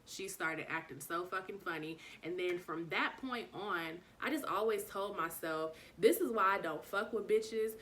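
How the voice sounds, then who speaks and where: A young woman telling a storytime vlog, frank and swearing freely, acting out every bit of dialogue with big jumps in pitch. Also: a little slow, few pauses. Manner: animated retelling, acts out dialogue with pitch jumps.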